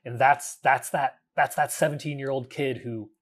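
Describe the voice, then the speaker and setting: Earnest and halting, a thirty-something podcast host reflects alone on his show, restarting often and swearing casually. His pitch is medium and his tone steady.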